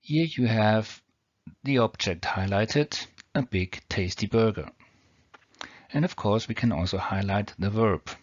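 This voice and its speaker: A lowish male voice, a little slow, explains English grammar over slides with a non-native accent. He goes patiently step by step. It is a dry recording with dull, lo-fi homemade sound.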